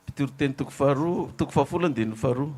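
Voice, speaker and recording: A man preaching a sermon in short phrases for an interpreter, acting out scenes with lively delivery. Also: mid-range voice, racing. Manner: animated, acts out quarrels and shouts.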